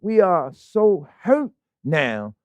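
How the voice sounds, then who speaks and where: A male preacher delivers a sermon full of rhetorical questions and call-and-response. His voice sits fairly high and moves through a wide, animated range. The recording is dry and close, with almost no room echo. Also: drawn-out words, highs cut off. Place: congregation hall.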